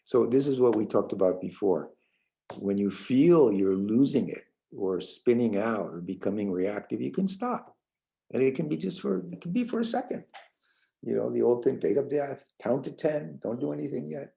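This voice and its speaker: An older man from the New York suburbs leading a parenting workshop, telling a childhood story and guiding exercises in a rambling, gentle way with many restarts. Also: medium pitch, very animated, normal speed, creaky, rough recording. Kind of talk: casual storytelling lecture.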